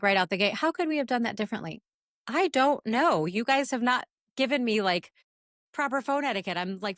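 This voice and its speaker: A woman in her forties co-hosts a casual business podcast. She tells stories in a chatty, animated way. Her voice sits in a middle register and is recorded dry and close. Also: medium pitch, dry recording. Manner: storytelling, chatty, animated retellings. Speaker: podcast co-host.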